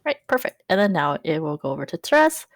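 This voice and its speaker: A woman's voice: deep voice, sing-song, normal speed, no echo, studio quality. A woman narrating as dungeon master in a tabletop game, giggly and rambling, with lots of fillers.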